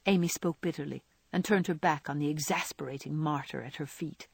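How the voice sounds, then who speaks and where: A woman narrating a classic novel aloud in a measured, expressive reading. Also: deep voice, vocal fry, breathy edge, no echo. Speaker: audiobook narrator. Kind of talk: storybook narration.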